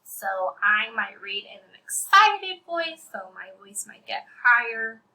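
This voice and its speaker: A young woman teaching children a reading lesson, friendly and breathy, often near a whisper as she demonstrates different reading voices. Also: mid-range voice, fairly even intonation, a little slow, bright, forceful tone, rough recording.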